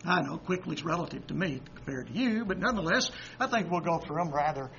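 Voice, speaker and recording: A man preaching a sermon who swings from quiet, low asides to loud, excited exhortation, acting out quoted voices and chuckling between points. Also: fast, slight background noise. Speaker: pastor. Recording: dull lo-fi recording.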